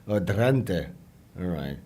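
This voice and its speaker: Low-voiced livestreamer joking around. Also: male voice, animated, takes it slowly, dark tone. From Netherlands (Limburg). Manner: loose, joking, switches into Dutch and German. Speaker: livestream host. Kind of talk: casual livestream chat with viewers.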